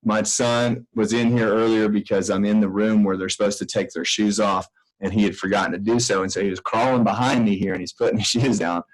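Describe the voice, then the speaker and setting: A man's voice: on the low side, fairly even intonation, a little fast, rough recording. A middle-aged man giving a parenting lesson from a room in his house, speaking earnestly and conversationally, often restarting his sentences. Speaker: extension educator. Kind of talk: recorded parenting lesson from home.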